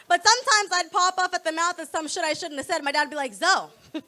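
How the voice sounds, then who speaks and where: A young woman doing stand-up into a stage mic, her voice high and bright. She talks loudly, laughs between lines and slips into quick voices for the people in her stories. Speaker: stand-up comedian. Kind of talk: stand-up comedy set. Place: comedy club stage.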